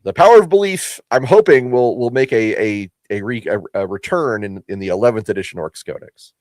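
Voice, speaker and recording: A man's voice: on the low side, lively intonation, darkish tone, no echo, studio quality. A man hosting a casual livestream, talking through game lore with frequent restarts and reading viewer comments. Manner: halting, repeats words, reads chat aloud. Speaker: host.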